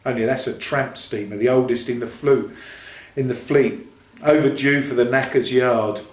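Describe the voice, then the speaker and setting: A man voicing a dry, measured fellow prisoner who makes collages. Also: medium pitch, steady tone, close to an everyday voice. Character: dry male convict collagist, measured and deadpan. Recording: echoey room.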